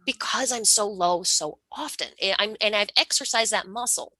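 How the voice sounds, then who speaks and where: A woman's voice: medium pitch, normal speed, bright, forceful tone, no room sound. A woman sharing candidly in a casual peer talk, swearing a lot and often restarting her sentences. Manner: raw, heavy swearing, frequent restarts.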